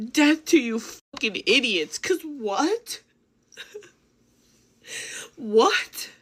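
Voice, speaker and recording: Slow exasperated high-voiced woman. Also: big pitch swings, a bit bright, husky. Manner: exasperated, swearing, laughing bitterly.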